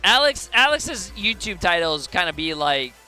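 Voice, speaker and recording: A man streaming as he watches an esports match, talking in casual banter with loud joking outbursts and teasing. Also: high voice, very animated, moderate pace, faint music behind.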